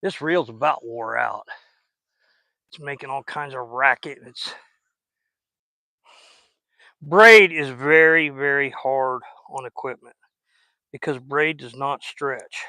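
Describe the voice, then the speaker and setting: A man's voice: medium pitch, takes it slowly, creaky, pauses often, sharp tone, dry recording. A man, chatting folksy and casual while fishing outdoors on a riverbank and recording on a phone, sweet-talking the fish he catches. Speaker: fishing vlogger.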